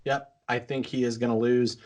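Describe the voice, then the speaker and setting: A man's voice: medium pitch, level tone, darkish tone. Rambling podcast co-host man. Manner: rambling, halting restarts, quick to laugh. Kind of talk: casual chat.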